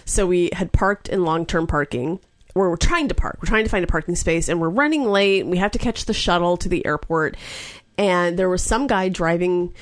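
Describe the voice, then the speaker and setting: A woman in her forties co-hosting a casual podcast chat, telling a story and acting out what others said. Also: no echo. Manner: animated storyteller, acts out quotes with big pitch jumps. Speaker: podcast co-host. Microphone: podcast microphone.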